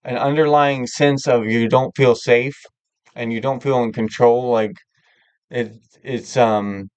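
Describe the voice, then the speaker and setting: A man's voice: medium pitch, steady tone, normal speed, clean tone, no echo, lo-fi sound. Man chatting candidly on a livestream. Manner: candid, rambling, many filler words. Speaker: livestream host. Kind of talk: casual chat.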